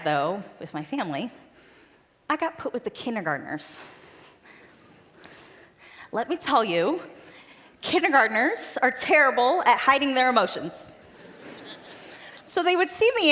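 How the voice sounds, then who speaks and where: Speaking at a church event, a woman shares personal stories in an earnest, conversational manner. Her voice is high-pitched, fairly bright and sing-song, at normal speed with long pauses. She's on a church auditorium stage, and the large hall gives a long reverb.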